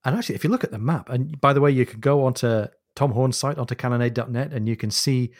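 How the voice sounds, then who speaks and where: A man co-hosting a book podcast, retelling a novel's scenes in a lively storytelling way. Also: mid-range voice, fast, dry recording, clean studio sound. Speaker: podcast co-host. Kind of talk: casual book discussion.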